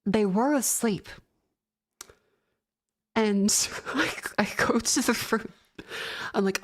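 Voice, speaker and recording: A woman's voice: a little high, takes it slowly, pauses often. A young woman streamer chatting casually, telling a rambling story full of laughs and swearing. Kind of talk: casual chat.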